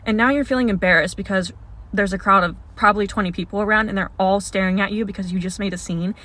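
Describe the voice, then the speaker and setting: A young adult woman tells a story about herself casually, in the second person, with a bright, forward tone. She laughs now and then as she talks. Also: medium pitch, steady tone, quick pace.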